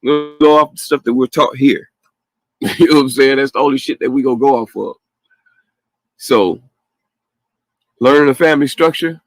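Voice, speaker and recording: Dude ranting on a late night call-in show, heavy cussing, aave, medium voice, dry close mic. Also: male voice, mid-range voice, normal speed, pauses often, no echo, soft background music. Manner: profane, animated ranting with laughs.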